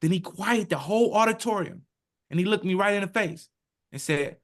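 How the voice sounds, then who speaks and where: Animated man in his thirties telling his story. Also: high-pitched, fairly quick. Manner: animated, emphatic, acts out quotes in his own voice. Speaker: podcast guest. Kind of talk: emotional personal storytelling.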